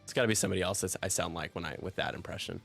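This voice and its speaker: Guy casting a tabletop game on stream, lowish gravelly voice, jokey and self-deprecating, bright tone. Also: fairly even intonation, very fast, soft background music. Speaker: league commentator. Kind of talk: live stream game commentary.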